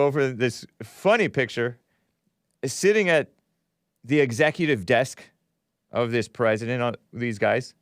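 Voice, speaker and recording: A man's voice: mid-range voice, no room sound, clean studio sound. A man hosting a talk show, delivering a casual monologue in a sardonic, mocking tone and laughing at his own remarks.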